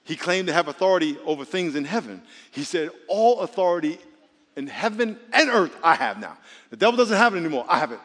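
Lively pastor preaching in a reverberant hall. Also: male voice, on the high side, fairly quick. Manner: lively, joking, calls on the congregation. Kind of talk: sermon.

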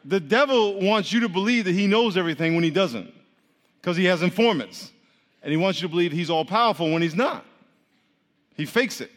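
Speaking a little fast in an expressive, high voice, this preacher teaches a class in a hall with long reverb. He grew up Catholic, and his interactive sermon is playful, built on call-and-response and quizzing the listeners.

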